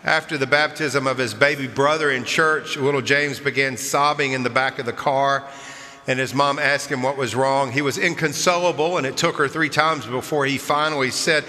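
Male pastor, bright clear voice, storytelling sermon, long church reverb. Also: medium pitch, steady tone, normal speed, slight background noise. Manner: warm storytelling with chuckles, then earnest preaching. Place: large church sanctuary.

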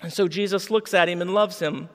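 A man's voice: sits high, steady tone, a little fast, in a large hall. A man preaching a sermon with passion, voicing the people in his story. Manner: impassioned, acts out quoted voices. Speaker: pastor.

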